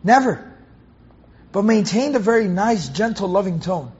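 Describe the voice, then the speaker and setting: A man with a very high, breathy-husky voice delivers a Quran commentary lesson. He talks earnestly, circles back to repeat key phrases, and slows to recite Arabic verses. The recording sounds dull and muffled, like lo-fi audio. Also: expressive, a little mellow. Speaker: Quran teacher.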